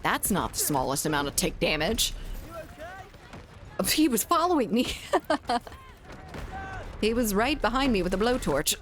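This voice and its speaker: A woman with a Southern US accent chatting casually with her livestream chat while playing a game, laughing often and swearing freely. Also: medium pitch. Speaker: streamer.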